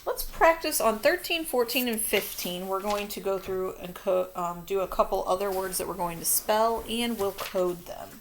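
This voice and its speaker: A woman teaching a children's spelling lesson, dictating words slowly and walking through how to mark each syllable. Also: medium pitch, a little hiss or hum. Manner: slow, stretched-out word dictation.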